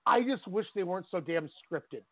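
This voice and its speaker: A man's voice: high-pitched, lively intonation, moderate pace, no room sound. A man co-hosting a sports radio show, giving strong opinions on wrestling and laughing easily. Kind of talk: casual wrestling talk. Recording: tinny phone-line sound.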